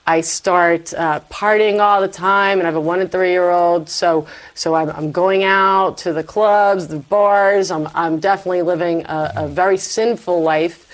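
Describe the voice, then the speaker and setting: A woman guest telling her faith story in a conversational interview, animated and acting out her own past remarks. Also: fairly low pitch, a little slow, hardly any pauses, poor audio. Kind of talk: conversational personal testimony.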